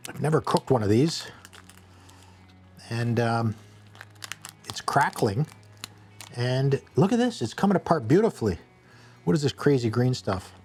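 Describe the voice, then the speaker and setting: A man hosting a casual cooking vlog from a home kitchen, rambling and joking at his own expense, with sudden excited bursts. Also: medium pitch, unhurried, long pauses. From Canada.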